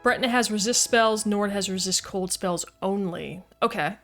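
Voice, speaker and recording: A goofy, talkative woman streams a game from her desk and chats casually with viewers. Her voice sits at an ordinary middle pitch. Faint game music plays softly behind her. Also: normal speed. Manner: chatty, goofy, reads chat aloud. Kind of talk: casual livestream chat.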